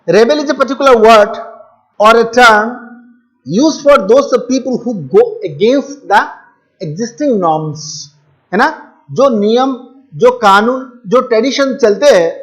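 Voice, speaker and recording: A middle-aged Indian man with a high voice teaches an English class. He repeats key words often and drops into Hindi to explain terms to his students. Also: animated, rapid-fire, fairly bright tone. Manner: addresses students as "my dear children". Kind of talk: classroom lesson explaining a textbook chapter.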